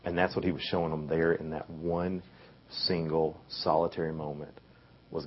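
A man's voice: very deep voice, level tone, normal speed, a little hiss or hum. A young man giving a youth sermon in a casual, conversational way, full of fillers and restarts. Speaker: youth speaker. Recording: dull lo-fi recording.

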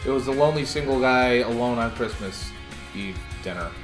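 A man's voice: medium pitch, animated, fairly quick, soft background music. A man co-hosting a podcast in casual chat, wry and self-mocking. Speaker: podcast co-host.

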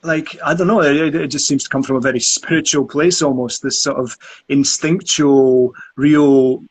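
A man's voice: medium pitch, steady tone, moderate pace, slight background noise. A man in casual conversation who talks earnestly about acting and often repeats words while he thinks.

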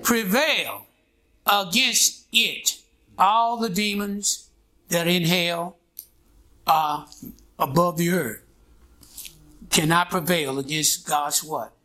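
A man's voice: sits high, slow, long pauses, sharp tone. A man preaching a sermon in a call-and-response style, prodding his congregation with "what?" and "huh?" and waiting for them to answer. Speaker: pastor.

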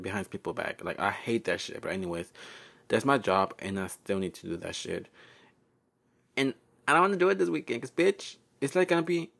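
A man's voice: medium pitch, fairly bright tone. A young man, hosting a podcast in a sassy, profane, laugh-filled casual monologue. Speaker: podcast host.

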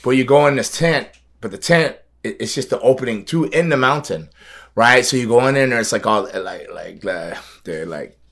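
A man spins a loose anecdote in casual conversation. He rambles, stumbles over repeated words and keeps breaking into laughter. His voice sits at a middling pitch. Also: moderate pace, gravelly, a bit bright. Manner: rambling, laughs often, many fillers and repeats. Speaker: guest, wrestler. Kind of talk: casual storytelling.

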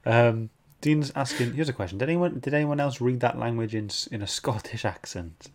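A man hosting a casual book club podcast, reading out viewer questions in a relaxed way. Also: medium pitch, brisk.

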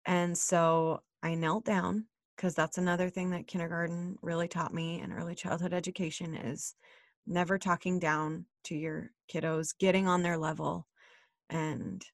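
A woman's voice: on the low side, no room sound, studio quality. A woman in her thirties, a mother, telling a candid personal story in a chatty way and often checking in with "right?".

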